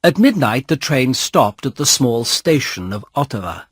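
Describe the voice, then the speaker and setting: A man reading a graded-reader story aloud as narrator, slowly and carefully. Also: mid-range voice, sing-song, slightly rough, no echo, studio quality.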